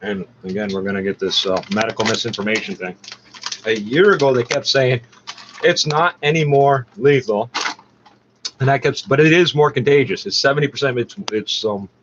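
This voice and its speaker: A man's voice: medium pitch, normal speed. Sarcastic man ranting over background noise. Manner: sarcastic, profane, argues back at broadcasts. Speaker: listener ranting over the radio. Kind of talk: angry running commentary. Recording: muffled lo-fi recording with clear background noise.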